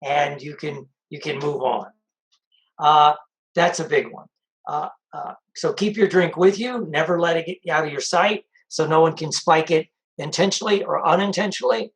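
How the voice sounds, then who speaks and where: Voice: medium pitch, normal speed, rough recording. Conversational sobriety coach giving advice. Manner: conversational, repeats key advice. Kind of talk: casual spoken advice talk.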